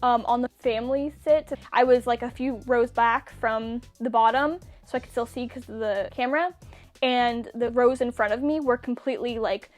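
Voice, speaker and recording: Soft music plays in the background as a young female vlogger relates a personal story at a moderate pace, her voice a little high. She keeps it casual and lively, laughing a lot and acting out what people said.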